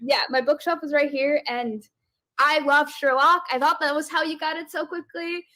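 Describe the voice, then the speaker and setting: A woman's voice: sits high, fairly even intonation, normal speed, pushed and bright. A woman co-hosting a library livestream, chatting casually in a bubbly, giggly, rambling way. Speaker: co-host, teen librarian. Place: home room with bookshelf.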